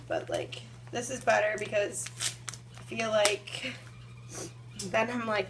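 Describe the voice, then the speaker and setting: With a fairly high pitch and background noise behind her, a fitness vlogger in her twenties rambles through a casual morning vlog at home. She's groggy-voiced and leans heavily on filler words.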